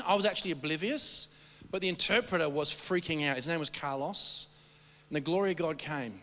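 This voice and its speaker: A man preaching and telling stories, rambling and animated, often stammering and restarting his sentences. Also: a little high, brisk. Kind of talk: sermon storytelling. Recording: long hall reverb.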